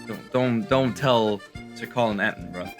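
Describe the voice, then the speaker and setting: A man's voice: on the low side, moderate pace, over music. A young man doing comedic reaction commentary as a streamer in a put-on French accent that slips toward American, sounding tired and exaggerated, with stammering restarts and crude asides. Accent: put-on French accent, slipping toward American.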